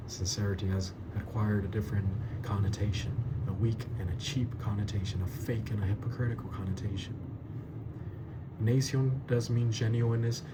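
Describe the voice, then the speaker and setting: A lower-voiced man gives a verse-by-verse Bible teaching with steady emphasis, hammering key words through repetition. The recording carries a clear layer of background ambience noise. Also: normal speed. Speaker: pastor.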